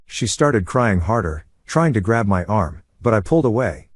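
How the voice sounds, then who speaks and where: A man tells a first-person story in a steady, measured voice. His tone sits low and husky. The sound is dry and close. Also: dry recording.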